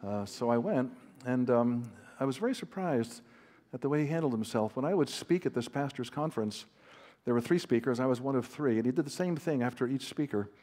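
A Christian author and counselor speaks at a conference, giving an anecdotal teaching talk to a big audience in a hall. His mid-range voice is expressive and a little fast, and he talks conversationally with some fillers and restarts, leaning on personal stories and gentle self-deprecating humor.

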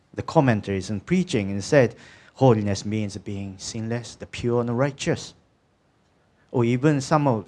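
Speaking in a fairly low, slightly mellow voice, this man delivers a conversational sermon. He keeps asking the congregation "isn't it?" and "yeah?", and his second-language English carries a few minor grammatical errors.

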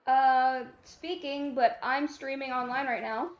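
Woman game streamer, high and sharp, venting and cursing over slightly muffled audio. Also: fairly even intonation, measured pace, a little hiss or hum. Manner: exasperated, ranting, swears freely. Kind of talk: live-stream commentary.

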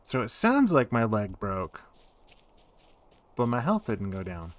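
A man's voice: lowish voice, wildly swooping pitch, measured pace, pauses often, dry recording. A man in his forties giving casual, rambling commentary while streaming a game. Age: 40s. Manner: rambling, digressive.

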